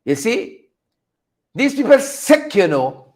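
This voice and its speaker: High, lively man laughing as he talks. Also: moderate pace. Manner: teasing, laughs often, repeats phrases. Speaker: host. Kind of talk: casual political commentary.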